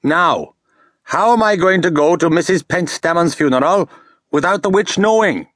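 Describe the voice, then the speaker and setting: A man's voice: a little high, animated, normal speed, a bit bright, dry recording, studio quality, voice pushed up. A man voicing a vain, theatrical young male wizard who talks with dramatic self-pity, in a storybook reading.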